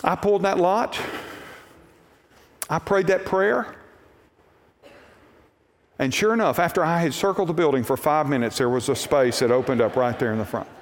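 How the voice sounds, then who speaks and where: A man's voice: a little high, moderate pace, pauses often. A male pastor preaching a sermon, telling homey stories and acting out the voices in them. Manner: folksy storytelling preacher, acts out voices in quotes. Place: church sanctuary. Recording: long reverb of a church hall.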